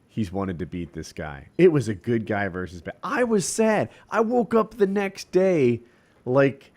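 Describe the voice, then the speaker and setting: A man co-hosting a podcast, telling stories in an animated, dramatic way. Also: medium pitch. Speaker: podcast co-host. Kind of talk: casual chat.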